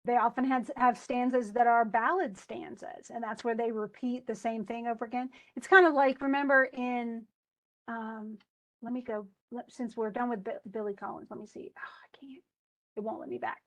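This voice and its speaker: A woman's voice: a little high, fairly even intonation, moderate pace. A woman teacher giving a casual, chatty lecture, often restarting and correcting herself as she explains. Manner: chatty, self-correcting, enthusiastic.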